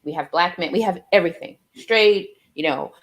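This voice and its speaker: A woman's voice: fairly low pitch, moderate pace. A woman hosting an interview over a video call, earnest and rambling, often tagging her points with "right?". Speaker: host.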